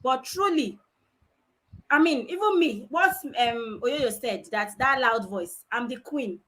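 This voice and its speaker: A woman's voice: high voice, expressive, slow, fairly bright tone, rough recording. A woman from Nigeria with a Nigerian accent, chatting as a live-stream host and mixing Pidgin with English. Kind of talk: casual live-stream discussion.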